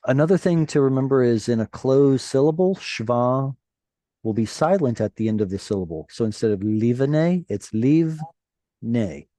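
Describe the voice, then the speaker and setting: A man's voice: mid-range voice, brisk, warm tone, dry recording. A man teaching a Hebrew reading class over a video call, patient and encouraging, explaining step by step.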